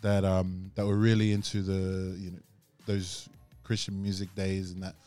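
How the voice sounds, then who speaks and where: A man's voice: sits low, monotone, normal speed, dark tone, clean tone, soft background music. A man hosting a podcast, talking casually with many fillers and restarts. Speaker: podcast host. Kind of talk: casual chat.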